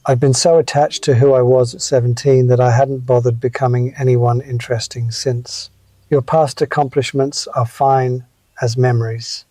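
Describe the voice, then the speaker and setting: A man's voice: medium pitch, little pitch movement, normal speed, mellow, no room sound. A man in his seventies telling wry, reflective personal stories as a scripted motivational talk. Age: 70s. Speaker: motivational speaker.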